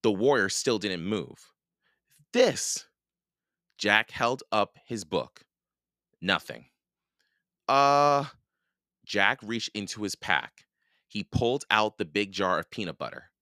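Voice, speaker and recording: A man reading a children's storybook aloud in a slow, expressive way. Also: fairly low pitch, no echo, studio quality. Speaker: reader.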